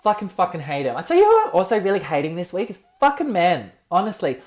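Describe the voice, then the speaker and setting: A young Australian man hosting a solo comedic podcast, campy and expressive, ranting and swearing freely. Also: high voice, quick pace, hardly any pauses. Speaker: podcast host.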